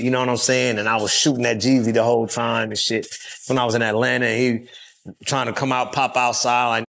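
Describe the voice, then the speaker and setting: A man as an interview guest, telling stories in a loose, profane, animated way. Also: mid-range voice, creaky. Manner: profane, animated storyteller who acts out quotes. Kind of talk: casual interview storytelling.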